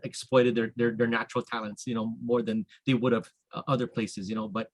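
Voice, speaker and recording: Easygoing man in relaxed chat. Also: medium pitch, a little fast, no echo. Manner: easygoing, affirming, humble. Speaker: podcast guest, event promoter. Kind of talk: casual chat.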